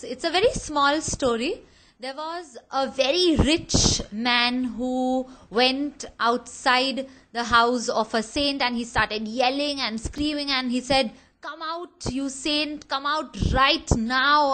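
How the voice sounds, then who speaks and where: A woman's voice: high voice, fairly bright tone, poor audio. A woman teacher, explaining a history lesson patiently and speaking directly to her students.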